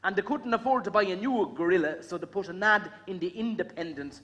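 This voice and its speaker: A man's voice: sits high, fairly bright tone. An Irish man from the Midlands telling folksy jokes over a video call, chuckling at his own punchlines. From Ireland. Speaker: amateur comedian. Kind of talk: storytelling jokes.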